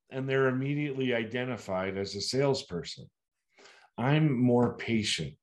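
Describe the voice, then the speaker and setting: Animated older man telling sales stories. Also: normal speed. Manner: animated, acts out client dialogue with big pitch jumps. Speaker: insurance sales producer, interview guest. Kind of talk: animated storytelling in an interview.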